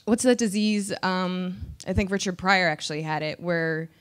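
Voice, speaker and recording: A woman's voice: on the low side, normal speed, smooth. A woman comedian in her thirties from New Jersey, telling a personal story candidly and with self-deprecating humor. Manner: candid, self-deprecating, animated when recounting.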